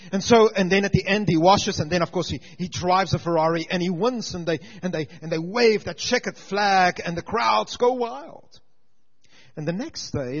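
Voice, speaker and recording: A man preaching a sermon with stories and humor, swinging from loud emphasis to quiet intensity. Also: a little high, breathy edge, in a large hall. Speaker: pastor and teacher. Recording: dull lo-fi sound.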